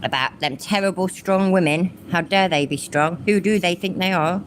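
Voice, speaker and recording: A woman's voice: lowish voice, normal speed, a little hiss or hum. A woman hosting a casual commentary channel from home, sarcastic, swearing freely and laughing easily.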